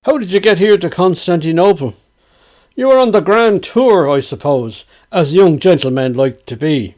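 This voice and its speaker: A man with a Dublin accent voicing a blunt, mocking young sailor held as a galley slave, pitched higher and quicker than his own voice. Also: animated, a little mellow. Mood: teasing.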